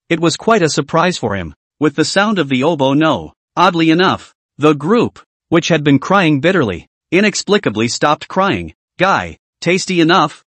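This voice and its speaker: A man narrating a comic-style story recap in a lively storytelling manner, voicing each character himself. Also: a little high, no echo.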